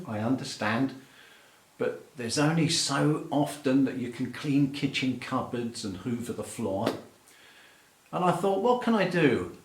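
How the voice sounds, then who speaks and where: Recorded with a roomy sound, a medium-pitched male voice belongs to a middle-aged Englishman from England who teaches aviation English. In his English accent, he gives a light-hearted, mock-exasperated rant to camera.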